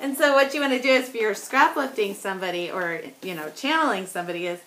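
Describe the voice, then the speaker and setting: A woman's voice: medium pitch, lively intonation, fast, fairly bright tone, slight background noise, rough recording. A woman chatting casually as she works on a scrapbook layout, joking about herself and laughing often. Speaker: scrapbooking vlogger. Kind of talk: casual talk while crafting.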